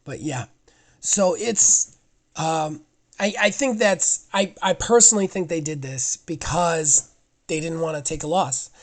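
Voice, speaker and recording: A man co-hosting a casual podcast, talking in an excitable, rambling way and often restarting his sentences. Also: on the high side, measured pace. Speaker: podcast co-host.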